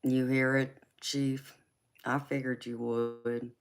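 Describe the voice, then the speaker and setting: A woman with a Southern US twang, softly chatting with her livestream viewers and calling them honey and baby. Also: extremely low pitch, little pitch movement, slow. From California. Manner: soft-spoken, affectionate, calls viewers honey and baby. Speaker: livestream host and tarot reader. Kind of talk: casual live chat with viewers.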